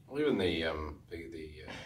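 A man's voice: a bass voice, animated, a little fast, recorded from a distance. A man joining a discussion, speaking hesitantly and searching for his words.

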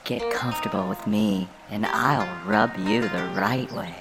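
A woman's voice: rumbling low, unhurried. A woman playing a coaxing flirty masseuse. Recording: music playing behind.

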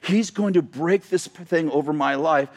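A man preaching a sermon in a church with a high voice. He is animated and swings between loud shouting and softer, quieter asides. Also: normal speed. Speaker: pastor. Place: church sanctuary.

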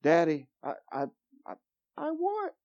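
A man voicing a demanding small child who whines for things, with a much higher pitch. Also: wildly swooping pitch, a little slow, a little mellow, highs cut off, exaggerated voice. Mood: whiny. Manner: whining, wailing.

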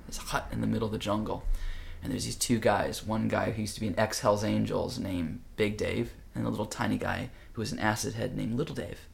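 A man telling a long, animated story in casual chat, often slipping into voices. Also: on the low side, a little fast, vocal fry, breathy edge. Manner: animated, jumps between acted voices. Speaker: podcast host telling a story.

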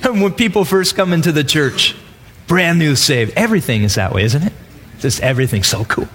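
A man's voice: fairly high pitch, expressive, a little fast, a bit bright, a little hiss or hum. Conversational man preaching a sermon. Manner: conversational, asks rhetorical questions. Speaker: pastor.

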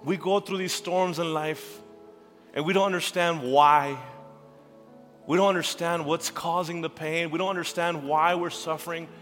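A young pastor with a slightly high voice preaches to his congregation, earnest and heartfelt. He drops into hushed tenderness, then builds again to urgent calls. His voice rings in a church hall with long reverb, and soft music plays faintly underneath. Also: fairly even intonation, a little slow, pauses often. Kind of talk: sermon. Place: church sanctuary.

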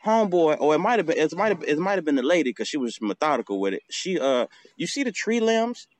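A man's voice: fairly high pitch, big pitch swings, fast talker, no room sound. A man hosting a podcast outdoors, telling a casual, swearing story and acting out the bird calls. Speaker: podcast host.

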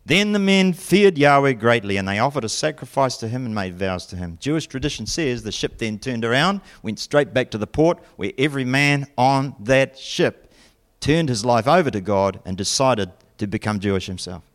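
A man's voice: mid-range voice, animated, normal speed. A man preaching a sermon, retelling a story with jokey asides and mock voices.

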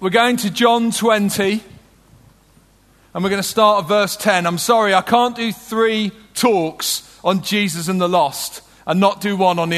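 A man's voice: high voice, a bit bright. A middle-aged British man preaching a sermon, conversational and humorous, telling stories to a crowd. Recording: long hall reverb.

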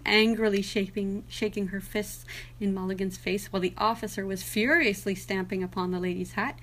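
A woman, the podcast host, reading fairy tales aloud as lively storytelling narration. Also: mid-range voice.

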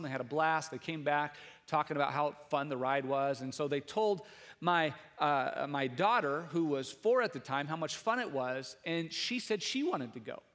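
Male pastor, thirties, light and high, ringing bright tone, casual anecdote to fervent sermon. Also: long reverb tail. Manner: conversational storytelling, rising to emphatic preaching. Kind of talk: Easter sermon with personal story.

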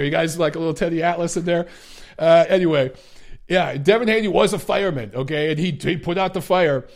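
A man's voice: on the high side, a little fast. Blunt ranting male boxing host. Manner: blunt, profane, emphatic, ranting. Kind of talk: opinionated commentary and rant.

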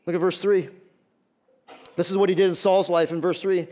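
A man's voice: high voice, level tone, normal speed, long pauses, darkish tone. A man preaching a sermon as pastor, emphatic, often repeating a word as he starts a phrase.

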